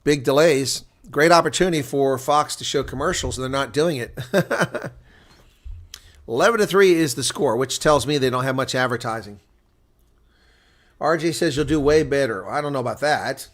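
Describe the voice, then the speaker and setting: A man's voice: mid-range voice, a little fast. A tired man hosting live play-by-play reaction commentary on a rugby match, chatting to his viewers between calls.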